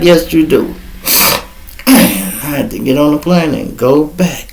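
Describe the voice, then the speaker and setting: A man's voice: medium pitch, measured pace, long pauses, fairly bright tone, rough recording. A middle-aged man telling a profane story as host of his show, acting out the quoted voices. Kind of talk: storytelling monologue.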